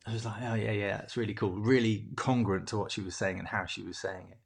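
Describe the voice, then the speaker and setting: A man coaching on mindset, talking reflectively and haltingly, with many restarts and fillers. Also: fairly low pitch, steady tone, gravelly, slightly rough. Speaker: coach hosting a mindset program. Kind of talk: reflective solo talk.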